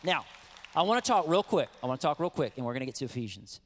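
A middle-aged man preaching a sermon as pastor, animated and conversational, acting out quotes and calling on the congregation. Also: a little high, fast talker.

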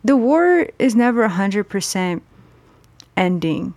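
A woman hosting a solo podcast, talking candidly in a casual conversational way, speeding up and slowing down for emphasis. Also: mid-range voice, sing-song, a little mellow, no room sound. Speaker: podcast host.

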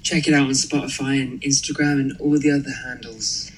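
A man's voice: medium pitch, little pitch movement, brisk, slight background noise, low-quality recording. A man as a podcast guest in casual chat, swearing freely, laughing and rambling. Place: flat in London.

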